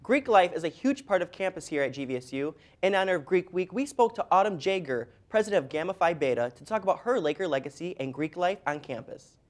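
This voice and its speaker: A woman's voice: fairly low pitch, animated, fast talker, few pauses. A woman anchoring a student news segment from a script.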